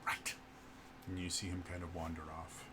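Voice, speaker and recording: A man narrating as game master of a tabletop game, talking in a halting, stumbling way. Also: deep voice, monotone, slight background noise.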